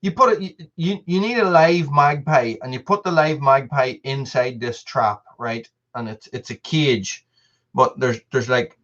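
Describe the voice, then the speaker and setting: A man's voice: mid-range voice, measured pace, fairly bright tone, muffled recording. A man hosting a casual live stream, chatting with viewers in a rambling way, full of restarts and repeated words.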